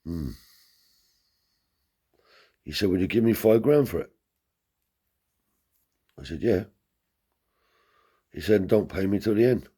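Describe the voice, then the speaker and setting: A man's voice: low-pitched, expressive, slow, pauses often, warm tone, slightly rough. A man telling a rambling anecdote in casual, profane speech, lifting his voice to act out the people he quotes. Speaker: storyteller.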